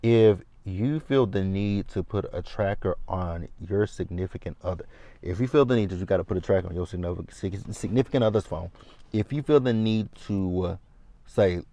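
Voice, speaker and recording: A man with a low voice talks straight to his viewers. He recaps a reality show in a chatty, blunt, profane way. His voice sounds dry and close. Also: moderate pace, dark tone, dry recording. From Texas. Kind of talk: casual recap commentary.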